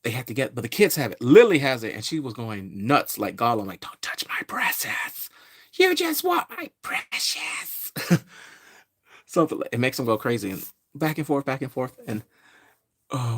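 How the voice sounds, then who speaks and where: A man giving a rambling, casual live-stream recap, greeting viewers and laughing often. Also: medium pitch. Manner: slips into quick exaggerated character voices. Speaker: live-streaming pop culture reviewer.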